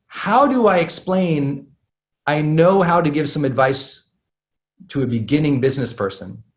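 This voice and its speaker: Candid man teaching in an echoey room. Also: fairly high pitch. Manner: candid, self-deprecating, many fillers and restarts. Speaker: class speaker. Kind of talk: live talk to an audience.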